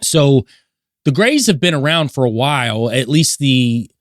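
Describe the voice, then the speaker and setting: Male co-host, mid pitch, brisk lecturing delivery, dry sound. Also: animated, no room sound. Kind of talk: casual chat, explaining history.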